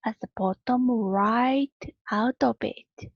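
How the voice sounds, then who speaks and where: A woman reading aloud plays the little small wee boy bear of a storybook. His lines are a high, husky whisper with a gravelly grain. The recording sounds dull and lo-fi. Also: takes it slowly, no echo, exaggerated voice. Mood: upset.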